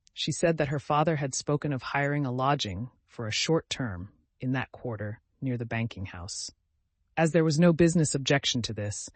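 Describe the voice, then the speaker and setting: A man narrating an audiobook in a measured, even delivery. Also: mid-range voice, no room sound.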